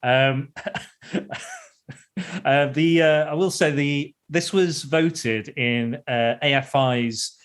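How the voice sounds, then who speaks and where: A man's voice: medium pitch, fairly even intonation, slow pace, clean tone. A man hosting a podcast, chatting casually about a film and often repeating and restarting his phrases. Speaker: podcast host. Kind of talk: casual film review chat.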